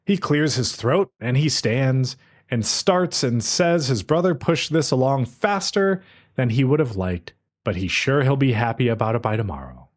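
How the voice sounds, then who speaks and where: A man recapping a show on a podcast, his pitch swinging up and down as he tells the story. He talks casually and swears now and then, jumping between narration and quick quoted lines. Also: expressive. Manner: casual and profane. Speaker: podcast host.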